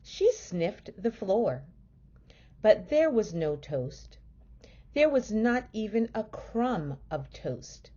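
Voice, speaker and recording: A woman teacher reading a children's storybook aloud in a gentle, expressive way. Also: medium pitch, takes it slowly, dull audio.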